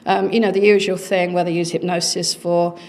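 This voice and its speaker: A middle-aged woman speaking at a conference, earnestly recounting a family experience with dramatic pauses. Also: fairly low pitch, flat delivery, a little mellow. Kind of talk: personal storytelling talk.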